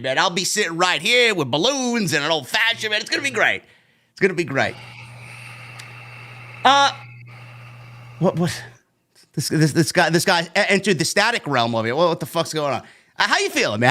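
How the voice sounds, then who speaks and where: Hyped, swearing high-voiced man from New York. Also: sing-song, fairly quick, pushed and bright. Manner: hyped, profane, repeats "man" constantly. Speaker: wrestling show reviewer and host. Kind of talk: livestream wrestling podcast chat. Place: home basement.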